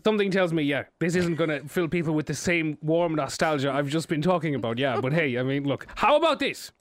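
A young Irish man hosts a radio show from a studio, chatting playfully and making fun of himself. His fairly high voice is expressive and brisk, the sound is clean with no echo, and a faint music bed plays underneath.

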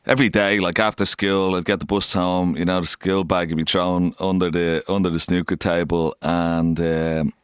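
A man in his forties from Ireland speaks with a deep, low voice. He talks in a rambling, chatty way, full of restarts and fillers. The sound is dry and close. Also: level tone, moderate pace, hardly any pauses, clean tone, no echo. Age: 40s. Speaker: studio guest. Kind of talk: casual storytelling chat.

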